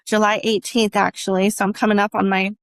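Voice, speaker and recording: A woman giving emotional personal testimony as an interview guest, speaking earnestly and haltingly with many restarts. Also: medium pitch, little pitch movement, no echo.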